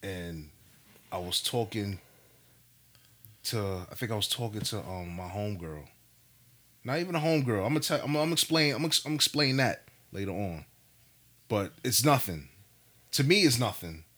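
Husky, animated, profane man. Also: fairly low pitch, moderate pace, long pauses. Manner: animated, profane, slangy storytelling. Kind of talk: casual storytelling chat.

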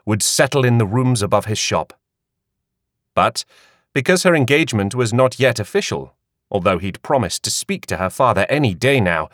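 A man narrating an audiobook in an expressive storytelling manner. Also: lowish voice, no echo, clean studio sound. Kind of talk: scripted narration.

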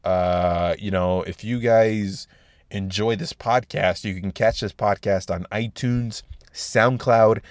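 A young man rambles through his solo podcast with a low voice, swearing freely and switching topics on a whim. His delivery is loose, slangy and animated, and the recording sounds close and dry. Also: slow pace, no echo. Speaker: podcast host.

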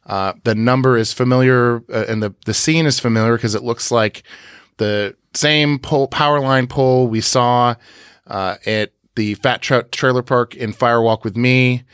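A man hosts a podcast, casually recapping scenes in detail and often filling gaps with "uh." His medium-pitched voice is clear, resonant and a bit bright, with fairly even intonation and moderate pace. The studio sound is clean, with no room sound.

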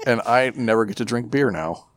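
A man co-hosting a podcast in casual chat, teasing his partner with deadpan banter. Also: medium pitch, brisk, no echo, clean studio sound. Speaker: podcast co-host.

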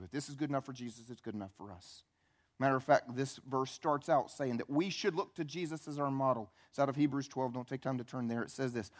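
A man preaching a church sermon, swinging between quiet, intimate asides and loud, emphatic peaks. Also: medium pitch. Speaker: pastor. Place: church sanctuary.

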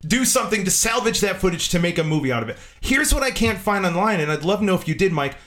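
A man's voice: sits high, very animated, fast talker, fairly bright tone. A man hosting a podcast over a video call, talking eagerly in casual chat and often restarting his sentences. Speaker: podcast host.

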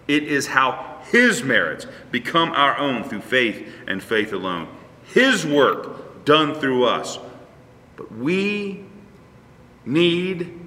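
A man's voice: medium pitch, bright, forceful tone, long reverb tail, far from the mic. A male pastor preaching a conversational sermon, acting out little dialogues with his congregation. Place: church sanctuary.

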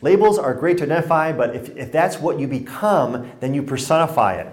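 A man's voice: a little high, lively intonation, fairly quick, a little mellow. A man giving a workshop talk on stress in a conversational, joking way, acting out the exchanges he quotes. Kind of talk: lecture with anecdotes. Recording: roomy hall sound.

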